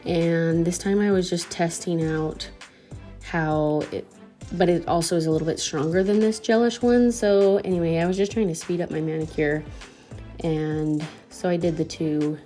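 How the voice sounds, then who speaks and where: A woman's voice: on the low side, steady tone, moderate pace, mellow, faint music behind. A woman at home explaining how to apply her nails in a casual, chatty how-to voice. She is slightly out of breath and fills her talk with "um" and "like". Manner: chatty, friendly, instructional, with "um" and "like". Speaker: home nail tutorial host.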